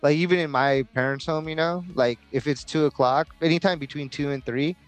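A man's voice: fairly high pitch, a little fast, faint music behind. A man from the United States co-hosting a podcast, telling rambling stories full of fillers and swearing in casual chat. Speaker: podcast co-host.

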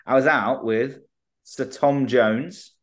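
Male podcast co-host, laughs a lot, chatty storyteller, medium pitch. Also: takes it slowly. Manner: giggly storyteller, laughs often. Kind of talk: casual comedy podcast chat.

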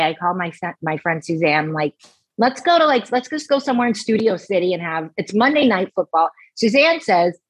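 A woman guest telling a long, animated story and acting out the people she quotes. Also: mid-range voice, husky, no room sound, poor audio. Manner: animated, acts out quoted voices. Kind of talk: casual storytelling.

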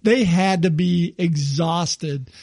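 Chatty grandpa, high for a man. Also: takes it slowly, darkish tone, dry recording. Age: older. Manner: chatty, laughs often, clears throat a lot. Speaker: podcast co-host. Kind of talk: casual chat.

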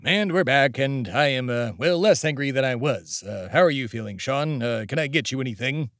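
A man's voice: mid-range voice, animated, moderate pace, fairly bright tone, dry recording, clean studio sound. A man hosting a comedy podcast in a pompous, blustering patriotic persona. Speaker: podcast host. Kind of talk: comedic character monologue.

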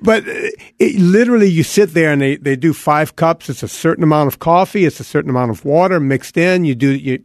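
Slightly high-voiced male guest. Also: brisk, hardly any pauses, dry recording, clean studio sound. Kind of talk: casual chat.

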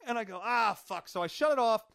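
A man hosting his own podcast, telling a long story in a rambling, profane, animated way. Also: very high voice, very fast, smooth, no room sound, clean studio sound. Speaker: podcast host. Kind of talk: casual storytelling monologue.

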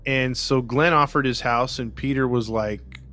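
Man telling a true-crime story, animated. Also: mid-range voice, measured pace. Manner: animated retelling, acts out quoted voices, laughs often. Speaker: podcast host. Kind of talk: casual storytelling chat.

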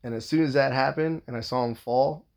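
A man with a gravelly, rough-edged voice tells a long personal story in a loose, casual monologue. He rambles, swears constantly and restarts sentences as he goes, at a middling pitch. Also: fairly quick, darkish tone.

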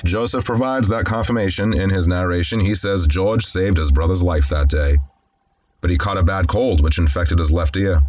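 A low-voiced man talks through a film scene by scene, reading its dialogue aloud and adding wry, conversational asides. The sound is a little dull and lo-fi. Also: darkish tone. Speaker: host. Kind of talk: film commentary and scene description.

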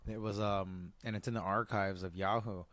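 Male co-host, lower voice, cracks dark jokes. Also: steady tone, moderate pace, no echo. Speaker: podcast co-host. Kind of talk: casual chat.

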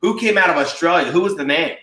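A man's voice: fairly high pitch, fast, bright, forceful tone, echoey room, poor audio. A man hosting a casual chat, easygoing and asking guests questions.

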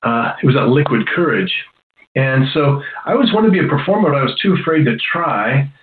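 A man's voice: mid-range voice, very animated, a little fast, a little hiss or hum. A middle-aged man, a hypnotist and comedian, telling stories in a rambling, self-deprecating way during a casual interview. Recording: roomy, tinny phone-like sound.

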